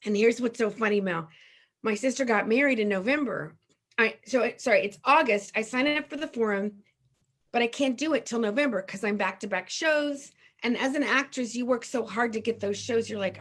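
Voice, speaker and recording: A middle-aged woman from Texas, a guest telling a personal story in an emotional, animated and candid way. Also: a little high, moderate pace.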